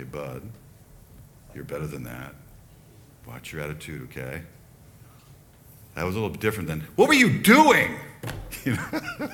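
An older male pastor delivers a sermon in a low voice, chatting through anecdotes and slipping into quoted voices. Faint room ambience sits behind him. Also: a little hiss or hum. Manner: conversational, animated storytelling with quoted asides.

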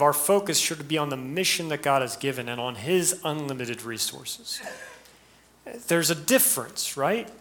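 Male pastor, american accent, sermon, earnest, rhetorical questions, slightly high voice. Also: sharp tone, a little hiss or hum. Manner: earnest, rhetorical questions, rising emphasis on key lines.

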